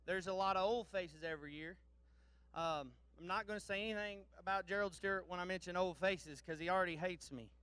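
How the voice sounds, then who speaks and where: Bright, clear-voiced energetic man. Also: high voice, a little fast, no echo. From Missouri, USA. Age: 30s. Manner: folksy, joking, energetic. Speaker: guest speaker presenting awards. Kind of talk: casual speech to an audience.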